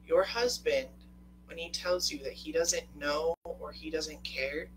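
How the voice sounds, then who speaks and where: A woman's voice: low voice, a bit bright, slight background noise, low-quality recording. A young woman coach talking casually on a live stream, chatty and emphatic and swearing freely.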